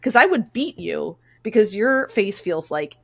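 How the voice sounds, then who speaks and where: A woman's voice: mid-range voice, measured pace, creaky. A woman co-hosting a podcast in casual chat, giggly and quoting her own stories. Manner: giggly, lively, quotes herself. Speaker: podcast co-host.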